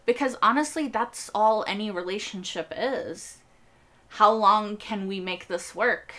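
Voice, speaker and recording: A woman's voice: medium pitch, unhurried, sharp tone. A young woman hosting a TV reaction video, rambling earnestly in casual chat and laughing often.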